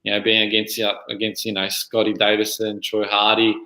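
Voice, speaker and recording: Aussie guy mid 30s, relaxed and rambling, roomy echo on the mic. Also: lowish voice, a little fast. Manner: relaxed, lots of "you know" fillers. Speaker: guest. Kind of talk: casual interview.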